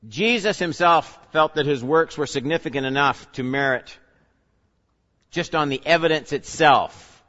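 A male pastor teaching a sermon in a conversational way, putting questions to the congregation and swinging between loud emphasis and quiet asides. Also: fairly high pitch, unhurried. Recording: reverberant hall, dull lo-fi sound.

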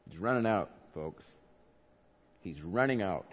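A male pastor preaching a sermon, swinging from soft, low murmurs to loud, emphatic peaks. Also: expressive, unhurried. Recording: dull sound with long hall reverb.

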